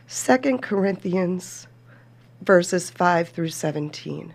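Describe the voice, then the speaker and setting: A woman's voice: on the low side, slow pace, darkish tone. A woman hosting a podcast, speaking earnestly and heartfeltly to listeners she calls folks and reading scripture aloud. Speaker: podcast host.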